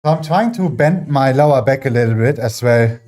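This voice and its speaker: A man's voice: mid-range voice, animated, fairly quick, darkish tone. A man with a German accent, a fitness livestreamer, chatting casually and rambling with many fillers while training in his home gym. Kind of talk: casual chat while working out.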